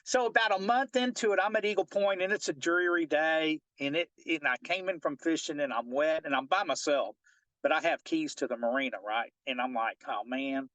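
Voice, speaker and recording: A middle-aged man with a slightly raised pitch tells a personal story as a fishing guide being interviewed. He talks in an animated way, leaning on "right?" to keep his listener with him. The sound is close and dry, with no room around it. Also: brisk, no room sound, rough recording. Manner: animated storyteller who keeps asking "right?".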